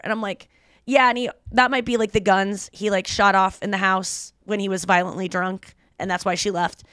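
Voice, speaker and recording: A woman's voice: medium pitch, moderate pace, smooth, no room sound, studio quality. A woman in her thirties hosting a podcast, telling a story in casual chat and acting out the voices of the people in it. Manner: animated storytelling, acts out quoted voices. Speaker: podcast host.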